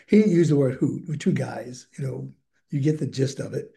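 Older man with a very dark, mellow voice. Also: mid-range voice, moderate pace, gravelly. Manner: candid, rambling, chuckles often. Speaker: recovery program speaker. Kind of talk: personal recovery share.

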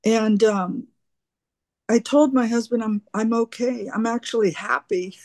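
A woman sharing her recovery story at a twelve-step meeting, halting and earnest, often repeating her words. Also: fairly high pitch, steady tone, a little mellow, no echo. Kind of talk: personal recovery share.

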